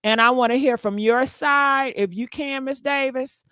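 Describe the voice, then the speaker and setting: High-voiced woman hosting a gossip stream. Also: normal speed, bright, forceful tone, clear, resonant tone, dry recording. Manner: exclaiming, talks straight to viewers. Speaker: gossip channel host. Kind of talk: live-stream gossip commentary.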